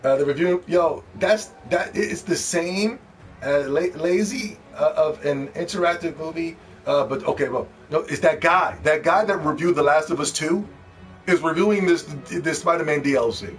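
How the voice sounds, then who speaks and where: A male streamer in a heated, mocking rant, swearing freely as he reacts. His voice sits a touch high and sounds somewhat distant from the mic. Faint music plays underneath. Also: normal speed. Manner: loud, profane, mocking ranting.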